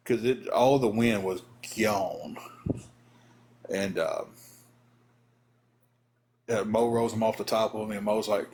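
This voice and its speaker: A man's voice: on the low side, unhurried, long pauses, slight background noise. A man, a former pro wrestler, casually telling a story on a live stream, acting out the voices of the people in it.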